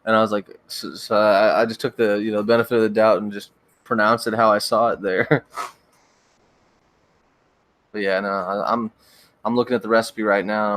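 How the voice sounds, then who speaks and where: A young man hosting a livestream, chatting casually with viewers in a relaxed, rambling way with frequent stammered restarts. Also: on the low side, moderate pace, pauses often, dry recording. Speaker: livestream host. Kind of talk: casual chat reading viewer comments.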